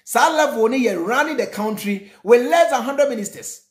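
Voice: mid-range voice, animated, normal speed. A speaker with a Ghanaian accent giving impassioned political commentary, repetitive and mocking, mixing Twi and English in rhetorical runs. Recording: roomy echo.

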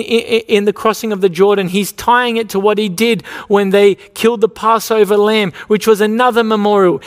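High-voiced male pastor in a reverberant church. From Australia. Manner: earnest preaching, repeated rhetorical questions. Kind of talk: sermon. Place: church sanctuary. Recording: long reverb of a church hall.

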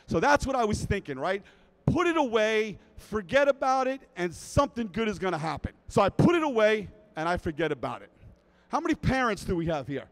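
A middle-aged man tells a comic story on a convention stage, keeping his voice high for a man. He is animated and keeps checking in with his audience. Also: fairly quick, low-quality recording. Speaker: speaker at a fan convention.

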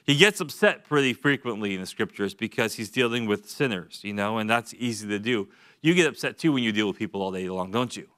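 Bright, clear-voiced young male preacher. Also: fairly low pitch, expressive. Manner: conversational, joking Bible teaching with quick asides and repeated words. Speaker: pastor. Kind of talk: sermon. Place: church.

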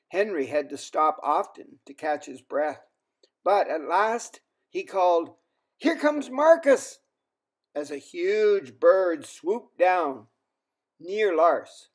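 Man, storyteller, children's story read-aloud, slow, fairly high voice. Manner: slow, expressive.

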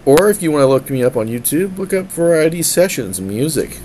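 A man's voice: fairly high pitch, expressive, fairly quick, darkish tone, slight background noise, low-quality recording. A man streaming from a tablet, a musician who rambles casually, jokes around and keeps slipping into silly voices. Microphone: tablet mic.

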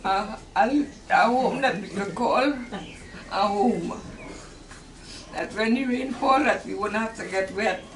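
An older woman with a Trinidadian accent giving a plain, heartfelt, halting account of receiving a new home. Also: medium pitch, slight background noise. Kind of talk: casual testimony. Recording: echoey, far from mic, with music.

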